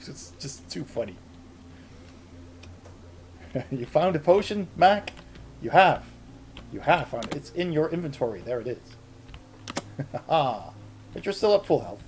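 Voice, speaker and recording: Slow-talking Dutch man streaming. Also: mid-range voice, lively intonation, darkish tone, slight background noise. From Netherlands. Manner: chatty, laughs often between sentences. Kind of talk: casual gaming stream chat.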